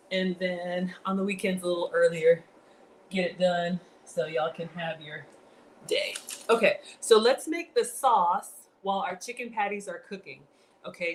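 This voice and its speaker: A woman's voice: mid-range voice, a little hiss or hum. A woman with a slight Southern drawl hosting a casual cooking live stream from her home kitchen, chatting with viewers and laughing often. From African born, grew up in the US South.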